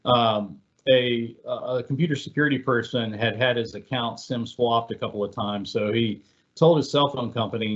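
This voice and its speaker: A man's voice: mid-range voice, moderate pace, dull audio. Man presenting a security webinar. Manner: conversational, filler-heavy, storytelling. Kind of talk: casual explanatory presentation.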